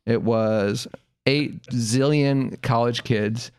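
A man with a middle-pitched, everyday voice tells a long comic story from his childhood. He talks loosely and excitedly, breaks into laughter and pushes his voice up high when he acts out the people he quotes. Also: extremely slow, clean tone. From Los Angeles area. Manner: animated anecdote teller, acts out quoted voices, laughs often. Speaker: podcast guest telling a story. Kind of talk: casual storytelling.

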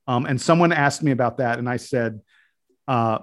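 A man's voice: medium pitch, normal speed, fairly bright tone. A man guesting on a podcast, telling stories in an eager, rambling way with frequent restarts. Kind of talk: casual podcast conversation.

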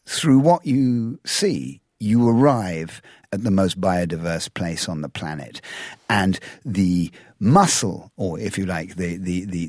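A British man with a slightly low, husky voice that rises and falls a great deal. He is an interview guest who explains audio drama in a playful, theatrical way, with plenty of animated emphasis. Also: no room sound. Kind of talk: interview guest, demonstrating sound.

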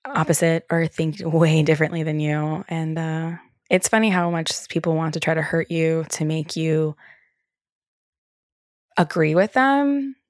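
A woman's voice: deep voice, flat delivery, normal speed, no room sound, clean studio sound. A young adult woman hosting a solo podcast, talking candidly and casually with lots of fillers and the odd swear word. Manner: candid, chatty, swears freely, many fillers. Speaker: podcast host.

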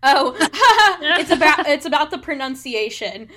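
Bright giggly lady cohost, high-ish voice, emphatic chat. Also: sing-song, unhurried. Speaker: podcast co-host. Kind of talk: casual chat.

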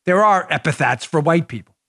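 Emphatic high-voiced male podcast host. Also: a little fast, gravelly, no room sound, studio quality. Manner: emphatic, animated storytelling with laughs. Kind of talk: opinionated political talk.

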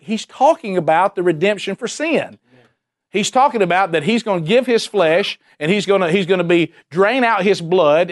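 A man's voice: high-pitched, no echo, studio quality. A man preaching a sermon, earnest and repetitive, firing off rhetorical questions. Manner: earnest, repeats words, fires rhetorical questions.

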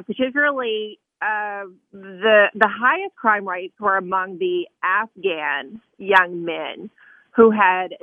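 A woman's voice: medium pitch, no echo. A woman with a Tennessee accent, a correspondent speaking as a guest on a radio show, earnest with many fillers. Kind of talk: remote radio interview. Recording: tinny phone line.

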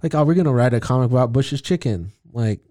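Animated male podcast storyteller. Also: mid-range voice, fast talker, dry recording, studio quality. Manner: animated storyteller acting out characters' lines. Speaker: podcast co-host. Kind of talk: casual chat recapping a comic plot.

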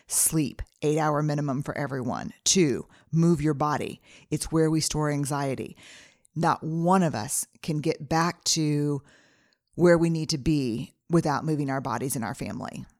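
A woman's voice: low-pitched, a little mellow, no room sound, clean studio sound. Earnest woman podcaster sharing family advice. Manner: earnest, personal, listing steps with anecdotes. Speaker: podcast host. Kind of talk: reflective solo podcast talk.

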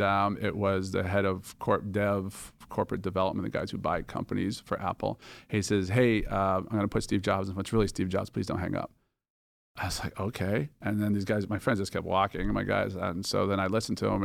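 A man's voice: on the low side, vocal fry, no room sound. A middle-aged man, a podcast guest, telling a story casually, swearing and acting out quoted dialogue.

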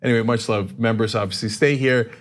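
A man's voice: mid-range voice, brisk. A man hosting a show, telling comic stories in casual chat, laughing often and acting out the people he quotes. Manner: animated storyteller, laughs often, acts out quotes. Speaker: show host.

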